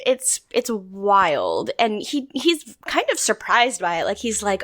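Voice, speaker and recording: A woman's voice: medium pitch, big pitch swings, normal speed, few pauses, fairly bright tone, no room sound, clean studio sound. A young woman co-hosting a podcast, chatting candidly and swearing freely. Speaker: podcast co-host. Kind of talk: casual chat.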